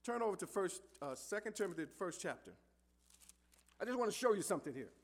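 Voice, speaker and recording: A male pastor preaching a sermon in church. He calls out to the congregation for answers and swings between hushed lines and loud ones. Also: sits high, sing-song, quick pace. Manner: call-and-response preaching, swings from soft to loud. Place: church sanctuary.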